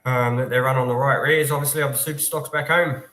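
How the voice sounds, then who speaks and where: A man's voice: mid-range voice, steady tone, quick pace, a bit bright. A man from New Zealand, a guest racing driver, chatting easily in an interview with lots of ums. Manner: easygoing, technical, many ums. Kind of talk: casual interview. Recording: echoey room.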